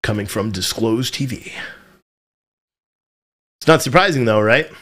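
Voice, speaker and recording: A man's voice: lowish voice, expressive, unhurried, fairly bright tone. A man hosting a live political commentary show, talking in a frustrated, rambling way and often repeating himself. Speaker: podcast host.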